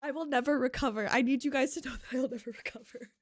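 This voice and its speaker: A woman's voice: sits high, fairly even intonation, fast talker, a little hiss or hum. A young woman streaming a video game live, talking emotionally to her viewers, exclaiming and laughing often. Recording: game music playing behind.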